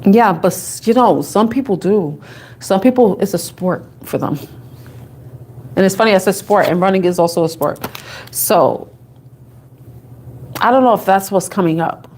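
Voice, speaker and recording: A woman's voice: medium pitch, normal speed, pauses often, a little mellow, a little hiss or hum. Chatty woman doing a tarot reading. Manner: chatty, giggly, thinks aloud. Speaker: tarot reader. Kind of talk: casual tarot reading to camera.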